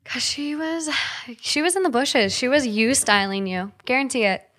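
A woman's voice: high-pitched, expressive, normal speed, fairly bright tone. A woman guest co-host, chatting casually and chiming in with blunt remarks. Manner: blunt, reactive interjections. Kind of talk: casual chat.

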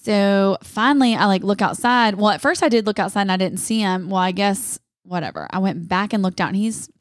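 A young woman, co-hosting a podcast in casual chat, telling a story with lively asides. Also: mid-range voice, brisk, no room sound, studio quality. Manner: animated storytelling, acts out voices. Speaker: podcast co-host.

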